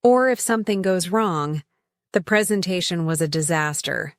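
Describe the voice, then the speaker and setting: A woman's voice: on the low side, moderate pace, dry recording, clean studio sound. A woman narrating a scripted lesson on English slang, lifting her voice for each example phrase. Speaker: English teacher.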